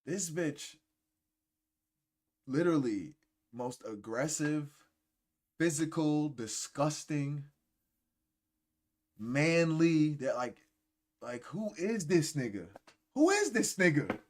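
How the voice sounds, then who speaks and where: A man's voice: fairly high pitch, very animated, takes it slowly, pauses often. A man hosting a reaction show, ranting bluntly and mocking what he watches. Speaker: podcast host reacting to clips. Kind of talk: profane reaction commentary.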